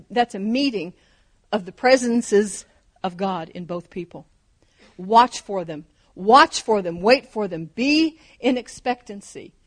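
A woman in her fifties or older delivers a sermon with a mid-range voice. She preaches fervently and emphatically, stacking short repeated phrases to press each point home. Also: medium pitch.

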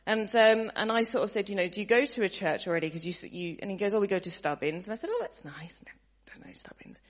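A woman sharing a story with a church gathering, animated and laughing, acting out the voices of the people in it. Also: mid-range voice, quick pace. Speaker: church member sharing a testimony. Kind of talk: casual storytelling to a congregation. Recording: dull sound, long hall reverb.

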